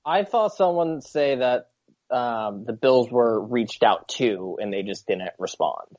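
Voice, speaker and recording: A man's voice: medium pitch, slow, darkish tone, no room sound. Man with dry, muffled sound. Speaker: podcast co-host. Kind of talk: casual sports talk. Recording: dry, dull lo-fi audio.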